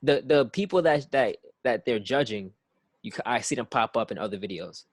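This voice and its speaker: A man talking through his view on a podcast in a loose, rambling way, looping back on the same phrases and repeating words as he works the idea out. The sound is dry and close, with no room around it, and his pitch sits mid-range. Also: expressive, moderate pace, no echo. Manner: rambling, circling back with "it's like"; repeats words while thinking. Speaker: podcast co-host. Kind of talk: casual podcast discussion.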